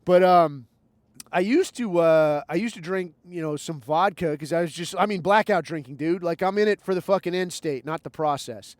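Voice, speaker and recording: A man in his thirties rants through crude stories, swearing freely as he rambles from one tangent to the next. His voice sits a little high for a man and sounds close and dry, with no room around it. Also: moderate pace, no echo. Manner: profane, rambling storytelling. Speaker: podcast host. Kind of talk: crude comedic rant.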